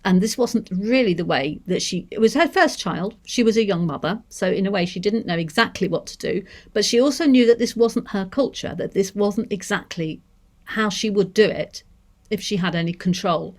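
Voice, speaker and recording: A woman with a Manchester accent giving a seminar talk on deaf education, measured and thoughtful, pausing to rephrase. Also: medium pitch, darkish tone. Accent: English, Manchester. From Manchester, England. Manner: measured, thoughtful, with restarts and hedges.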